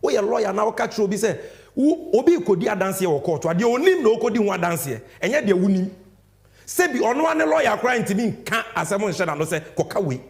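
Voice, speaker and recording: A man's voice: high-pitched, big pitch swings, fairly quick, gravelly. A Ghanaian man hosting a political talk show, making emphatic commentary and switching between English and Twi with sing-song stresses. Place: studio.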